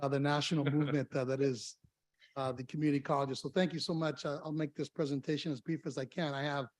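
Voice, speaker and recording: A man, the chancellor, presenting his report at a board meeting, brisk and full of small fillers. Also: a little high, flat delivery, no echo, studio quality.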